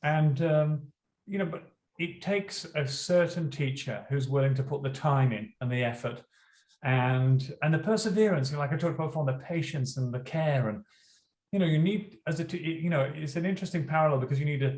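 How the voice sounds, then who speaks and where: A man's voice: on the high side, a little fast, darkish tone. A man in his forties, a teacher and school principal, telling classroom stories in an earnest, conversational way during an interview. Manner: earnest, storytelling, acts out classroom dialogue. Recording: echoey room.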